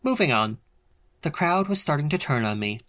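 A man's voice: fairly high pitch, sing-song, normal speed, fairly bright tone. Playful theatrical man reading a story. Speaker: audiobook reader. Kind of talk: expressive audiobook narration.

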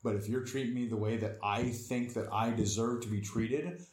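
A man's voice: medium pitch, fairly even intonation, moderate pace, a little mellow, roomy sound. A man in casual conversation, talking bluntly and swearing freely. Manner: blunt and profane, with laughs. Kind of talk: casual chat.

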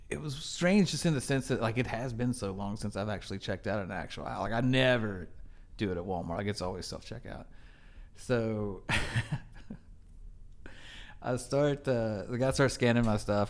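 Lively, laughing male podcast co-host. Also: on the low side, creaky. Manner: animated storyteller, laughs often. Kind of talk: casual chat.

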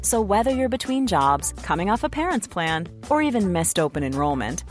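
A woman's voice: mid-range voice, big pitch swings, a little fast, natural voice. A woman reading a scripted commercial in a friendly, upbeat way over faint music.

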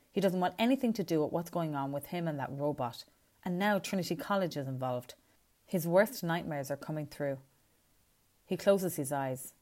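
Low-voiced woman narrating. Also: warm tone. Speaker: audiobook reader. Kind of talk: scripted narration.

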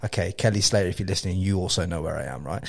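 An English man in his thirties tells a story on a podcast, his voice sitting fairly low. He talks in bursts, laughs through his own lines, swears casually and keeps calling the listener mate. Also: very fast, gravelly. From England. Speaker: podcast host.

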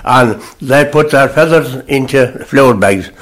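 Older man, rambling reminiscence, voice fades at phrase ends, middle pitch, interview. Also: measured pace. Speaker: interviewee recalling rural life. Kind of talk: conversational reminiscence.

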